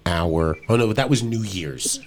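A man co-hosting a podcast, dropping wisecracks and lively interjections in casual chat. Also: fairly low pitch, measured pace.

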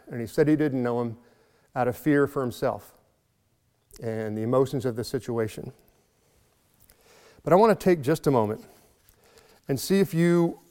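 A male pastor delivers a heartfelt sermon at an even, middle pitch. He slows down and builds volume to drive his points home, and a long hall reverb trails after each phrase. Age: adult, has a son. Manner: earnest, slows and swells for emphasis.

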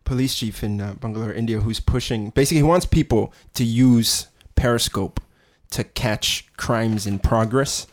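A man's voice: mid-range voice, moderate pace. A man co-hosting a casual podcast, rambling through the news and laughing often as he talks. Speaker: podcast co-host.

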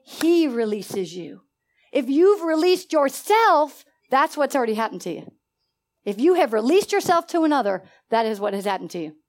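High-pitched female preacher, emphatic and lively, drawing answers from the congregation. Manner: animated, emphatic call-and-response preaching with laughter. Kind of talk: sermon. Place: church sanctuary.

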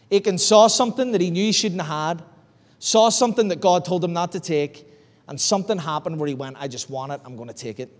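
A man with a Northern Irish accent preaching a sermon as pastor, in a lively, conversational storytelling way. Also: high-pitched. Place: church hall. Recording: long hall reverb.

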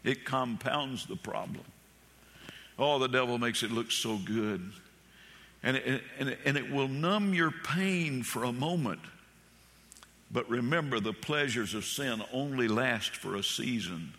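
A man's voice: mid-range voice, unhurried, fairly bright tone, big-room sound. A male pastor preaching a sermon with passion, repeating phrases and telling folksy stories.

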